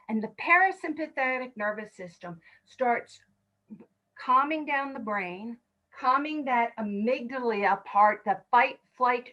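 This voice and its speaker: A woman's voice: a little high, fairly bright tone, low-quality recording. A woman in her fifties from California, leading an online stress management class, talking listeners through breathing counts with chatty personal asides.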